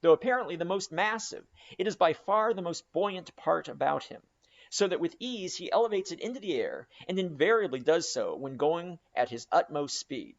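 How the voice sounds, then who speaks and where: A man reading a classic novel aloud as a dramatic audiobook narration with expressive, varied delivery. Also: a little high, moderate pace, vocal fry, dull audio. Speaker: audiobook reader.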